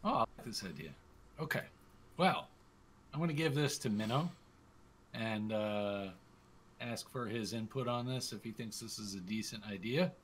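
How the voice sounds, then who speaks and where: A man's voice: lowish voice, normal speed, long pauses. A young man playing his character in a tabletop game, crude and joking, with a drawling delivery. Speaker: player. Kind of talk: casual in-character play. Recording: faint background noise.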